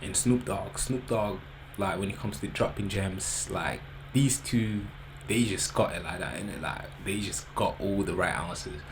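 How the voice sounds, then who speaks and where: A man's voice: low-pitched, a little slow. A man, hosting a reaction video in a loose, joking commentary with slang. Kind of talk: casual commentary. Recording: background noise.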